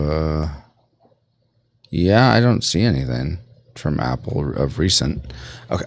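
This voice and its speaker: A man's voice: a bass voice, big pitch swings, slow pace, dry recording. A man hosting a gaming livestream, rambling playfully and reading chat aloud. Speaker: streaming host.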